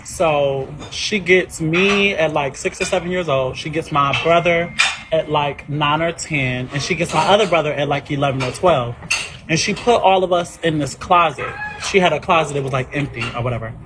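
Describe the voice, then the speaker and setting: A man in a casual chat telling a story in a matter-of-fact, fairly quick way. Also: fairly high pitch, noisy background. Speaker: podcast guest.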